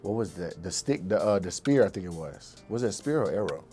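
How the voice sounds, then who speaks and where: A man's voice: low voice, expressive, a little fast, warm tone, soft background music. A young man and actor chatting casually, laid-back, repeating himself and laughing often. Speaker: actor and co-host. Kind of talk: casual chat.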